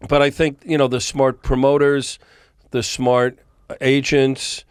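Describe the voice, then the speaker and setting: A man in a podcast interview, spinning stories from his years in the music business and slipping into the voices of the people he quotes. His pitch sits in an ordinary middle range, and the sound is dry and close, with no room around it. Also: slow pace, smooth, no room sound. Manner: animated storyteller, acts out quoted dialogue. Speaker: podcast guest, music industry executive. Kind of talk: storytelling interview. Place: recording studio.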